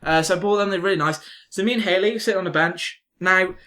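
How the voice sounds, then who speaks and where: A young man co-hosting a casual chat, telling a story in an animated way, swearing freely and often checking in with "right?". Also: high-pitched, fast talker. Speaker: co-host.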